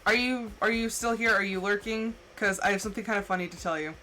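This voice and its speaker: A woman's voice: medium pitch, fast talker, slight background noise. A woman game streamer chatting casually with her viewers, telling stories and laughing between bits of play. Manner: chatty, storytelling with laughs and animated quoted voices. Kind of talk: casual live-stream chat.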